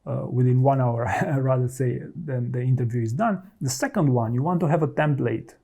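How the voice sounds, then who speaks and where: A man's voice: mid-range voice, moderate pace, vocal fry, mellow, slightly rough. A man working as a career coach, talking straight to the viewer and giving direct, instructive advice. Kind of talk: advice talk to camera.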